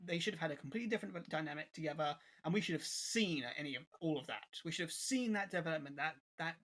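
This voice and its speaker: A man's voice: a little high, fast talker. Young man, casual podcast co-host, raised voice, exasperated and restless. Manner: animated, exasperated, many restarts and laughs. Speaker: co-host reviewer. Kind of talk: casual review chat.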